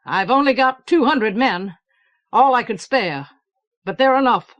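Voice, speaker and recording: A woman's voice: fairly high pitch, animated, a little slow, fairly bright tone, dull audio. Woman narrator doing a hard-faced loyal lord in a book reading: terse, firm, slightly raised.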